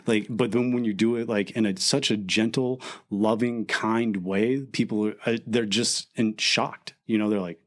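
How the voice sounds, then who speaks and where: A man with a low voice co-hosts a faith-based podcast in easy conversation. He wanders through his thoughts, restarting sentences and leaning on "like" as he goes. The sound is close and clean, as from a studio podcast mic. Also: steady tone, normal speed, few pauses. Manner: rambling, full of restarts and "like". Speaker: podcast co-host. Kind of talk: casual faith-based chat.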